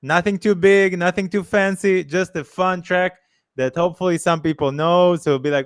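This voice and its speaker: Smooth-voiced man co-hosting a stream. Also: fairly high pitch, moderate pace, no room sound, studio quality. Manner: easygoing, loose phrasing, plugs subscriptions. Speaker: podcast co-host. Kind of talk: casual chat on a livestream.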